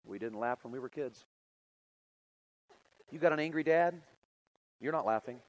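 A middle-aged man preaching a sermon, telling stories with big swings between loud and soft. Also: medium pitch, moderate pace, muffled recording. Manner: animated storytelling with big swings in loudness.

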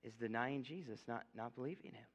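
A young guest preacher speaks briskly in a mid-range voice, giving a lighthearted, joking sermon with an altar call and many "okay?" asides. The church sanctuary sounds echoey, and the audio is dull and lo-fi.

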